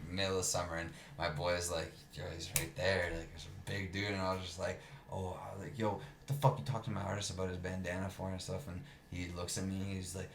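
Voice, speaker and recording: Deep-voiced man telling a casual story. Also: flat delivery, fast talker, few pauses. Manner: laid-back, swears often, quotes others in his own voice. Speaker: podcast guest, rapper. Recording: echoey room, faint background noise.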